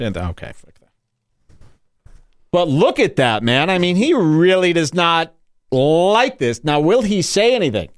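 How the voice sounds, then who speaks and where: A man hosting a podcast, ranting crudely and mockingly, now and then jumping into high put-on voices. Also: dry recording, clean studio sound. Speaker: podcast host. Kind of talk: crude comedic podcast rant.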